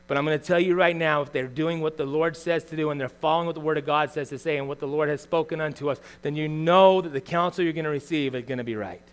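High-voiced man preaching a sermon. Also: fast, hardly any pauses, clear, resonant tone. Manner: conversational preaching with rhetorical tag questions; animated, swings between loud emphasis and quiet asides. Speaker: pastor.

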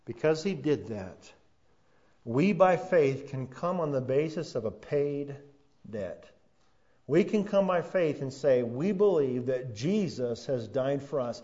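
A man preaching a sermon as pastor, building to loud emphatic peaks and then dropping low and quiet for weight. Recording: dull lo-fi sound.

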